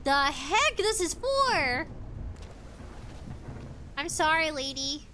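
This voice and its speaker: A woman's voice: sits high, sing-song, drawn-out words, bright, forceful tone, a little hiss or hum. A woman live-streaming a game in casual chat, giggling as she reads chat messages and game text aloud. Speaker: VTuber streamer.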